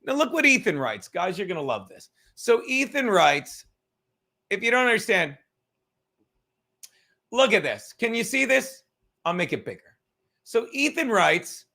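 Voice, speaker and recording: This high-pitched man has a sing-song, creaky delivery with bright, forceful tone, taking his time and leaving long pauses. He's ranting casually and sarcastically on his comedy podcast, recorded at home in his apartment, full of profanity and mockery.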